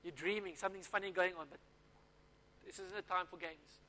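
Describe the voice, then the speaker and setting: A man's voice: high-pitched, fairly even intonation, brisk, bright, forceful tone, slight background noise. A man preaching a sermon, telling stories and acting out the dialogue. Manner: storytelling with acted-out dialogue. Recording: long hall reverb.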